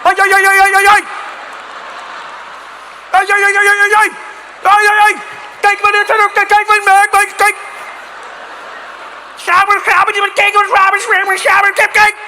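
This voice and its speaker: A man voicing an enraged Dutch cyclist who yells in shrill, rapid, repeated cries. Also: completely flat delivery, a little hiss or hum, heavily acted, rough recording. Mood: furious.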